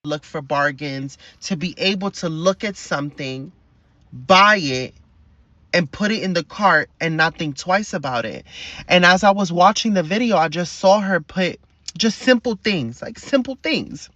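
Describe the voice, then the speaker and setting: A woman's voice: lowish voice, a little slow, fairly bright tone, dry recording. A woman talking earnestly and wistfully in a personal vlog clip. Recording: dull lo-fi played clip.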